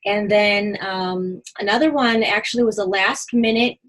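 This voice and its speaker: Chatty husky-voiced woman sharing tips. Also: mid-range voice, rough recording. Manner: quick, chatty, animated, acts out quotes. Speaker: jewelry consultant sharing tips. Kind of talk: casual team meeting chat.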